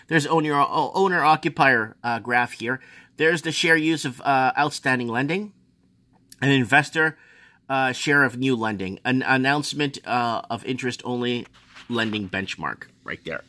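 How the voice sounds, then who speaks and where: A man from Australia reading finance news aloud and ranting about it, sarcastic, swinging from low muttering to mocking high outbursts. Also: moderate pace, bright, forceful tone, dry recording. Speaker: finance commentator.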